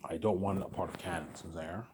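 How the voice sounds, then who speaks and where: A man's voice: sits low, steady tone, very fast, a little mellow, a little hiss or hum. A man vlogger ranting in a casual monologue, repeating himself and swearing freely. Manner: repetitive, profane ranting.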